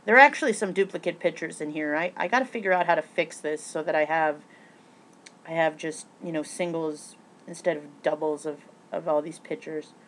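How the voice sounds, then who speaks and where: A woman with a low voice talks fairly quickly in a casual vlog, rambling with lots of restarts and fillers. She breaks into excitable bursts and swears now and then.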